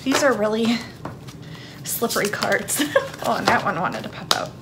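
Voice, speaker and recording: A woman's voice: mid-range voice, normal speed, heavy background noise. A woman giving a casual tarot card reading for her channel, chatting in a rambling way with lots of fillers. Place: her home, downstairs.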